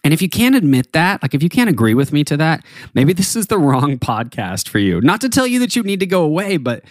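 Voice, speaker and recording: A man in his thirties, a podcast host telling a story in a chatty, animated way. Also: on the high side, fairly quick, no echo. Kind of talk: casual storytelling.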